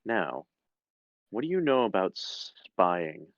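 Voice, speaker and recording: A man playing a cold male interrogator who threatens a captive slowly and formally. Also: low voice, sing-song, creaky, dry recording, highs cut off, heavily acted. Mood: menacing. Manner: slow, threatening, mock-formal.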